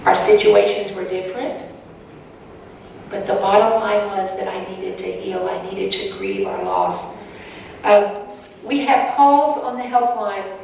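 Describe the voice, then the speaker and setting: Very animated yet unhurried, a woman shares her own story with an audience in an earnest, emotional way. Her voice is mid-range and darkish, with some vocal fry. It comes from far off in an echoey hall, with faint noise.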